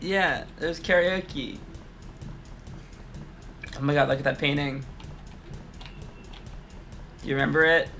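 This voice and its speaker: A young man playing a game with a friend, easygoing and quick to laugh, chatting casually. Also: fairly high pitch, bright, forceful tone, soft background music. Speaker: game player. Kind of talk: casual let's-play chat.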